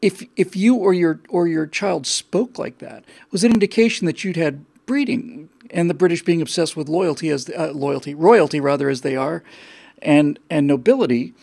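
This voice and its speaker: Middle-aged male host, gravelly and slightly high, rambling casual commentary with lots of restarts. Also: moderate pace, darkish tone. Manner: rambling, with frequent restarts and repeated words. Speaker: show host. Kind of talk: casual monologue.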